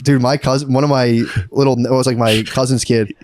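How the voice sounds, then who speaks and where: Fast-talking podcast guy, dry sound. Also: mid-range voice, dry recording. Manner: animated storyteller, acts out voices, laughs often. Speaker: podcast co-host. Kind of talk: casual comedic chat.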